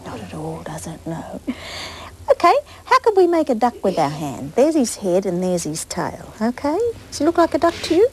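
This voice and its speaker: A woman with an Australian accent presenting a children's TV show, singing and reading a story aloud with gentle, coaxing questions to the children. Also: mid-range voice, very animated, normal speed, a little hiss or hum, rough recording. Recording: 1980s TV broadcast with faint music.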